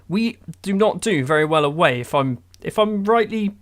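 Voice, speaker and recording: A man's voice: high voice, expressive, normal speed. Exasperated man commentating a game. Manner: exasperated, sarcastic running match commentary. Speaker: gaming YouTuber. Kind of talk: playing a football manager game with live commentary.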